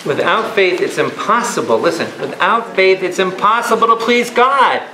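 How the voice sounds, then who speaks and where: A man's voice: high voice, lively intonation, moderate pace, a crowd in the background. A man, a priest leading a Bible study for a live group, who speaks emphatically and keeps firing questions at his listeners. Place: a meeting room or church hall with a live audience. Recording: echoey room.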